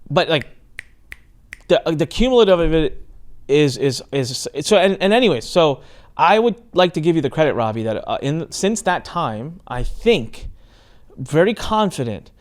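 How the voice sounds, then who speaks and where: Animated man hosting a podcast. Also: fairly high pitch, normal speed. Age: middle-aged. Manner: animated storyteller, acts out quoted exchanges. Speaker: podcast host. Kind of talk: casual interview chat.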